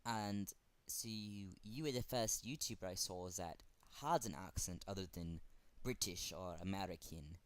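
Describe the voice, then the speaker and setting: A man with a German accent speaking earnestly to camera in a fan tribute, halting and pausing often. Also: sits low. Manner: earnest, halting, with frequent pauses. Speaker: fan vlogger.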